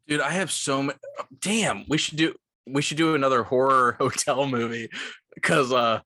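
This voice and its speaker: Sounding slightly tipsy, a young man co-hosts a laid-back podcast, spinning stories packed with profanity and lively impressions of what others said. His medium-pitched voice moves at a normal speed, captured in studio quality with no echo.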